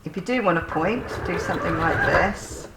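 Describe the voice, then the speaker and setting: A woman's voice: fairly low pitch, moderate pace, gravelly, echoey room, heavy background noise. A woman chatting through a sewing tutorial, laughing often and poking fun at herself.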